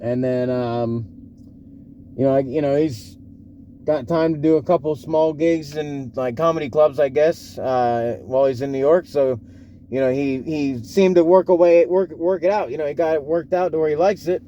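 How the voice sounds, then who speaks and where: A man's voice: on the high side, normal speed, warm tone, dull audio, slight background noise. A man from Florida casually rambling on his own podcast, full of fillers, restarts, swearing and laughs. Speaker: podcast reaction host. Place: home in a snowy northern area.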